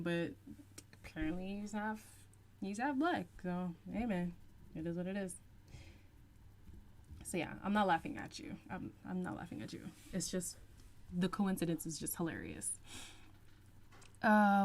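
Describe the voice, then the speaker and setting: A young woman hosting a casual livestream, chatting and reading out viewer comments, laughing often and stretching out some phrases slowly. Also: medium pitch. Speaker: livestream host reacting to reality TV.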